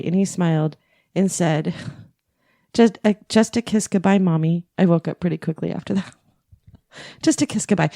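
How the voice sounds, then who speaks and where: A woman's voice: lowish voice, dark tone, dry recording, clean studio sound. A middle-aged woman co-hosting a podcast, telling stories in an emotional, candid way and swearing freely. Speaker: podcast co-host. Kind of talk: casual podcast chat.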